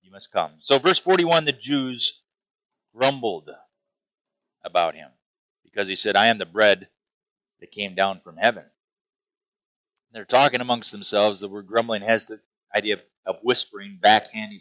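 A man preaching a sermon, animated and emphatic, with repeated punchy phrases. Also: fairly low pitch, moderate pace, pauses often, no echo, highs cut off. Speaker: pastor.

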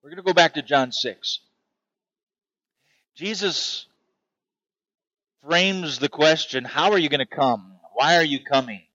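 A man preaching a sermon, animated and emphatic, with repeated punchy phrases. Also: fairly high pitch, unhurried, pauses often, no echo, highs cut off. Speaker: pastor.

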